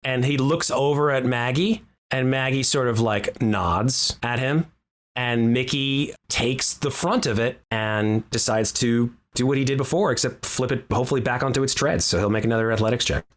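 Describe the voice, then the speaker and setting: A man narrating as dungeon master in a tabletop game, animated and quick to laugh. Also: medium pitch.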